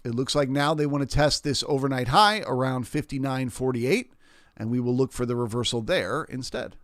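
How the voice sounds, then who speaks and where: A man's voice: medium pitch, normal speed, a bit bright, no echo. Casual man explaining futures live, dry sound. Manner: casual, explanatory, greets viewers by name. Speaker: livestream trading host. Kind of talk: live market commentary and chat Q&A.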